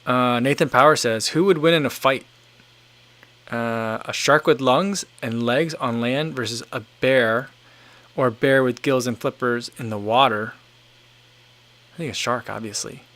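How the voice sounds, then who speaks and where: A man's voice: mid-range voice, unhurried, a bit bright. Easygoing man rambling through a livestream. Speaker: livestream host. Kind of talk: casual livestream chat, reading viewer comments.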